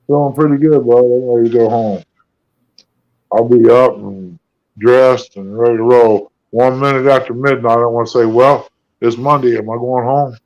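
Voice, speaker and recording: A man talking casually in an unhurried, folksy way, sounding muffled and off-mic. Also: medium pitch, steady tone, darkish tone. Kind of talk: casual chat.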